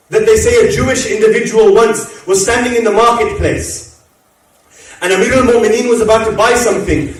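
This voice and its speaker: A man with a high-pitched voice tells religious stories at a mourning gathering, acting out the dialogue. His voice carries from far off the mic and rings through a very reverberant hall. At the emotional parts he sinks into a soft, low tone. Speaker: Muharram speaker. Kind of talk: religious lecture storytelling. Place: mosque or community hall.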